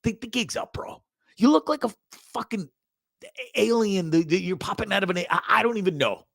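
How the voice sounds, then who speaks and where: A man's voice: high voice, expressive, fairly quick, creaky, fairly bright tone, no echo, studio quality. Profane, stammering man reacting to videos. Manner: profane, stammering repeats, laughs often. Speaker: show host. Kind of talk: casual video reaction commentary.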